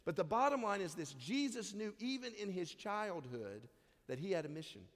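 A man's voice: high voice, very animated, normal speed, big-room sound. A man preaching a sermon in a conversational way, reading scripture and briefly acting out the people in the story. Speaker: pastor.

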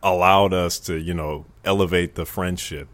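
A man with a very deep voice joins a casual chat in a low-key, agreeable way. His remarks are short and easygoing. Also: fairly even intonation, normal speed, a bit bright.

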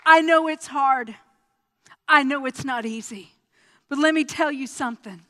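A high-pitched woman preaches to a congregation, telling her story with stammering restarts. She drops to a hush, then builds to loud, impassioned cries. Her voice rings with the long reverb of a large church hall. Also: measured pace, long pauses. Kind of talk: sermon with personal testimony.

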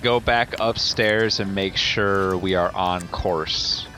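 A man's voice: deep voice, fairly even intonation, takes it slowly, pushed and bright. A man playing a tabletop game, speaking hesitantly with many ums and swearing when annoyed. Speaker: player. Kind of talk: casual tabletop role-play.

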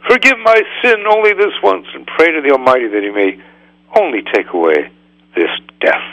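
A man's voice: on the high side, lively intonation, moderate pace, a bit bright, pitched above the performer's own voice, poor audio. A man voicing an ancient king who desperately begs for forgiveness and prayer. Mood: beseeching.

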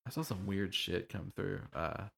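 A man's voice: low voice, moderate pace, creaky. Laid-back swearing podcast guy. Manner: laid-back, swearing, storytelling with voiced quotes. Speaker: podcast co-host. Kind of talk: casual chat.

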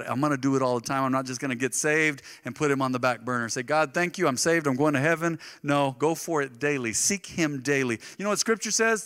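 A middle-aged man preaching a sermon to his congregation, telling stories animatedly and moving between loud bursts and soft, quiet asides. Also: medium pitch, clean tone. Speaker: pastor. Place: church sanctuary. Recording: live church sound with long reverb.

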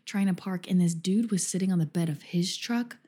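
A woman's voice: fairly low pitch, brisk, dark tone, breathy edge. A woman co-hosting a podcast, telling stories in a casual, laid-back, self-mocking way full of "like". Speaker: podcast co-host. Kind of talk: casual chat.

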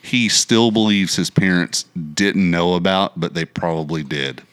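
A man with a very deep, smooth voice talking casually on a podcast. He asks his questions in a measured, unhurried way. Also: a bit bright.

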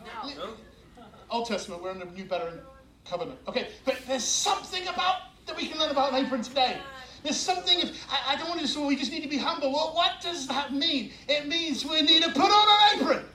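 A man preaching a sermon as pastor, telling stories with lively laughs. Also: extremely high pitch, fairly quick. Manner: animated storytelling with laughs. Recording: roomy sound from far off mic.

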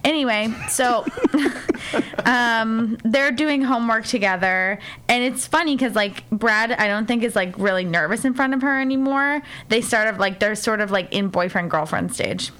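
A young woman recounts a TV episode to friends in a loose, rambling chat. Her voice sits a bit high, and she scatters "like" through every sentence. She keeps slipping into quick impressions of the characters. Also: fairly bright tone, slight background noise. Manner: rambling, frequent "like" fillers, acts out lines in character voices. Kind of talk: casual chat recapping a TV episode.

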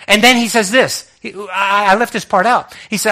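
Bright-voiced preacher man, conversational sermon. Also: high voice, fairly even intonation, normal speed. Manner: conversational, asks repeated rhetorical questions, stammers into restarts.

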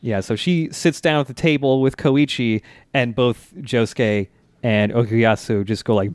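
A man co-hosting a casual chat, relaxed and laughing easily as he recaps the story. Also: medium pitch, unhurried, clear, resonant tone, no echo. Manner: relaxed, many fillers, laughs often. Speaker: podcast co-host.

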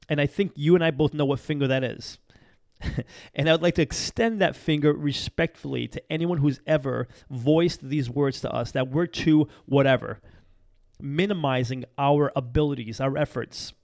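A man from Massachusetts hosting a short daily motivational show, talking in an energetic, chatty way, often laughing and repeating phrases for emphasis. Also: on the high side, no room sound, studio quality. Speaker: podcast host. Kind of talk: motivational talk show monologue.

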